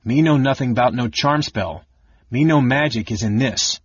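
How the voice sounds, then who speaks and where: A man's voice: medium pitch, moderate pace, slightly rough, no room sound, highs cut off, natural voice. A man voicing a ragged female gully dwarf who speaks in broken pidgin. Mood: defiant.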